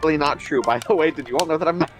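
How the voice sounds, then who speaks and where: A man co-hosting a charity game stream, cracking deadpan jokes over a voice call and giggling at them. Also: on the high side, fast, music in the background. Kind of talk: casual group chat over a voice call.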